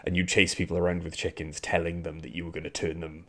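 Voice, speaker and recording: A man's voice: sits low, completely flat delivery, fast talker, pushed and bright. A man running a tabletop fantasy game, narrating scenes and voicing characters with loose, rambling asides. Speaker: game master.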